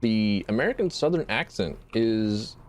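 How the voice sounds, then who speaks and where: A man streaming a game, rambling casually and jumping into excited high yelps. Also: moderate pace. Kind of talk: let's play commentary.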